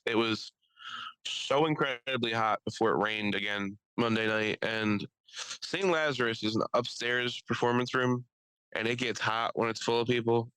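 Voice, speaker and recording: Bright-voiced rambling man telling stories. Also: mid-range voice, smooth, dry recording, low-quality recording. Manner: rambling, profane, laughs often. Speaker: podcast co-host. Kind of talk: casual storytelling chat.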